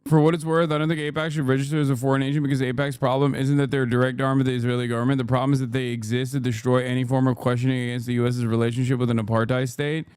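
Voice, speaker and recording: A man's voice: medium pitch, little pitch movement, rapid-fire, hardly any pauses, a little mellow, clear, resonant tone, no room sound, studio quality. A man in his thirties, a streamer, giving blunt, sarcastic commentary on a clip with frequent laughs. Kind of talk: casual commentary.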